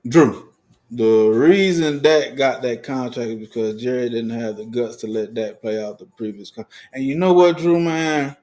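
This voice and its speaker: A man's voice: mid-range voice, normal speed. A man hosting a fan livestream, ranting profanely in heavy slang, laughing often and reading chat comments aloud. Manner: profane, animated, laughs often, restarts a lot; heavy slang, talks straight to viewers. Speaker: sports fan livestream host.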